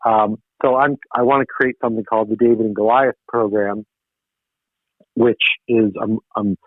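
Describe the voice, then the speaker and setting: A middle-aged man from Canada, a guest on a podcast interview, talking in a rambling, animated way with many restarts. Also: fairly low pitch, normal speed, no room sound. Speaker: guest, political missionary. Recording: tinny phone line, dry.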